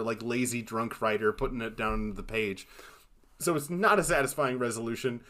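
Male podcast co-host, mid-pitched, animated and profane, acts out movie lines. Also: normal speed. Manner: animated, swearing, acts out quotes in exaggerated voices. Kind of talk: casual chat.

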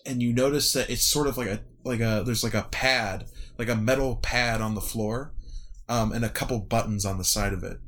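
A man's voice: medium pitch, moderate pace, fairly bright tone. A man narrating as game master of a tabletop game, rambling with many likes and restarts. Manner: rambling, full of likes and restarts, laughing often.

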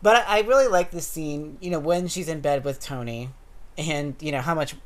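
A man's voice: a little high, moderate pace. Man talking animatedly about a show. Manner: animated, laughs while making points; thoughtful, academic phrasing. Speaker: podcast co-host. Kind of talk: casual analytical chat.

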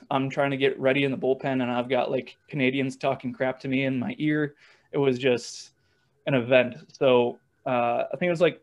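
A young man who used to catch in baseball tells stories in a casual interview. His medium-pitched voice rambles along easily, full of fillers and restarts.

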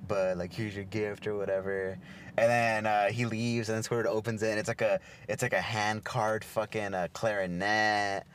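Co-hosting a podcast, a man chats casually, swears a lot, laughs, and tells stories. His fairly bright voice is on the low side with little pitch movement, at a moderate pace. Slight background noise is audible.

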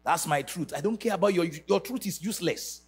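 Gravelly, high-voiced male preacher. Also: animated, brisk. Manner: emphatic, leads the congregation in call-and-response; sing-song preaching cadence. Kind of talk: sermon. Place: church service.

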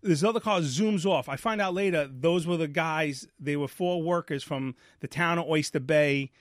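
A man's voice: a little high, normal speed, no room sound, clean studio sound. A man, animatedly telling a story on a podcast and acting out the voices in it. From New York. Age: 40s. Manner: animated, acts out voices in his story, repeats himself. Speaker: podcast host. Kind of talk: casual storytelling chat.

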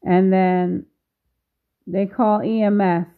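A woman in her fifties talking casually to her viewers, slow and measured, pausing often. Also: mid-range voice, fairly even intonation. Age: 50s. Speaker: vlogger. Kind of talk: casual video commentary. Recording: tinny phone-like sound.

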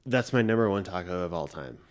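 A man's voice: sits low, animated, fast talker. A young man co-hosting a casual podcast, rambling with lots of fillers and casual swearing. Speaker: co-host.

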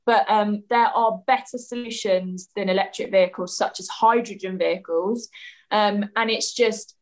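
A woman chatting as a podcast guest, opinionated and quick to laugh. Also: medium pitch, steady tone, rough recording. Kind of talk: casual chat.

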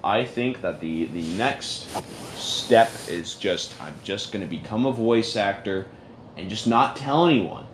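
A man's voice: lowish voice, measured pace, a little hiss or hum. A man hosting a casual audio chat, rambling in an ironic, self-mocking way. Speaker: host of an audio chat room.

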